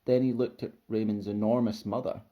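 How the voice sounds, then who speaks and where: A man reading a children's storybook aloud with expressive, lively narration. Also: fairly low pitch, a little fast, lo-fi sound.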